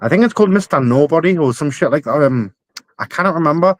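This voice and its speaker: A British man with a fairly high voice speaks bluntly and swears casually in a podcast chat. The sound is dry and close, with no room echo. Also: expressive, fast.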